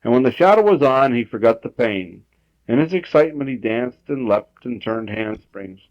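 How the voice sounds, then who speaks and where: A man reading a children's story aloud at home, expressive, lifting his voice for emphasis. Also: medium pitch, normal speed, no room sound. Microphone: home tape recorder. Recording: dull 1960s home audiotape.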